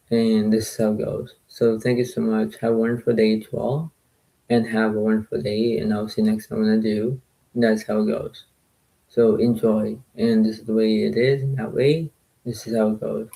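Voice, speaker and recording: A man talking quietly and softly to his viewers in a casual, rambling recap, often circling back to the same phrases. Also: lowish voice, little pitch movement, normal speed, vocal fry, poor audio. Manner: quiet, soft-spoken, repetitive and rambling. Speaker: poker video creator.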